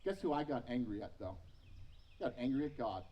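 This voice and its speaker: A man's voice: mid-range voice, animated, a little fast, distant mic, muffled recording. A man in his thirties preaching a sermon as pastor, telling personal stories with self-mocking humor. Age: 30s.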